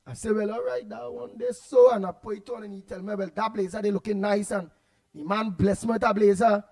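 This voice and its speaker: A man's voice: high-pitched, moderate pace, gravelly, a little mellow. A man hosting a call-in show in a Trinidadian accent, telling stories in Creole with lots of repeated words. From Trinidad and Tobago. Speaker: host. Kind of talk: call-in radio talk.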